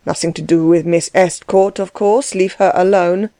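Domineering, mocking German landowner, read by a woman; low, warm tone in a dry booth. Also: fairly even intonation, normal speed, dry recording, lightly acted. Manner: loud, bossy, laughing scorn. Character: blustering middle-aged German man, mocking and domineering.

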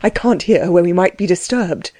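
A woman's voice: lowish voice, lively intonation, normal speed, warm tone, no room sound. A woman voicing an earnest, emotional young male student in love, with a fervent, proud and eager way of speaking.

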